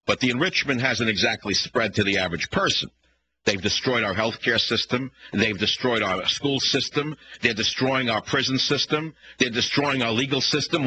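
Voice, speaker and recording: A man's voice: medium pitch, moderate pace, pushed and bright, slight background noise, rough recording. A man with a Bronx New York accent hosting a talk radio show, ranting combatively and firing off rhetorical questions.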